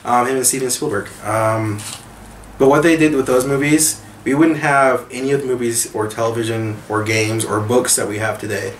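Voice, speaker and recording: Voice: medium pitch, steady tone, moderate pace. A co-host in a casual TV recap chat, talking like an enthusiastic fan with lots of fillers. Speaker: podcast co-host. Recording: echoey room, far from mic, faint hiss.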